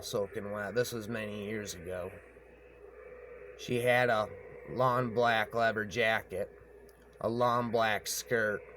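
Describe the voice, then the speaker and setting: Low-voiced man rambling through a story. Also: a bit bright, slight background noise. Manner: rambling, repeats himself, says "man" a lot. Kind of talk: rambling spoken horror story.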